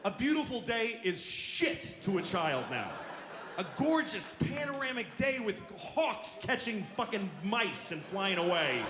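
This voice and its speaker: A man's voice: high-pitched, background noise. A middle-aged man doing a stand-up routine on a club stage, ranting bluntly and profanely with exasperation, on a handheld mic. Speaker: stand-up comedian. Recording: roomy live club with audience laughter.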